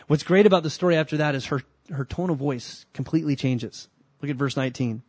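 A man preaching a sermon in a conversational way, with emphatic bursts and slow, drawn-out lines. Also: on the high side, no echo. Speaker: pastor.

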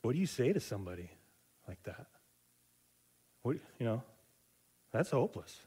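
A man's voice: medium pitch, sing-song, moderate pace, warm tone, breathy edge. A middle-aged man preaching a sermon, telling stories in a loose conversational way with many fillers and restarts and acting out the voices of people in them. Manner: acts out quoted voices in dialogue. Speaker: pastor.

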